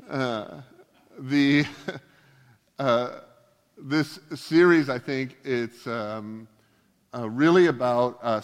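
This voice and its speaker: Joking pastor in a reverberant hall. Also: male voice, on the low side, clear, resonant tone. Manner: joking, self-deprecating asides. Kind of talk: casual sermon.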